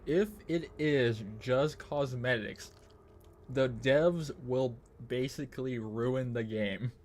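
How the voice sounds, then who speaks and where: A man's voice: medium pitch, slow, darkish tone, a little hiss or hum. A man streaming a game, chatting in a loose, rambling way and swearing often. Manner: rambling and profane, full of "it's like". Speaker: gaming streamer. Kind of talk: casual gaming stream chat.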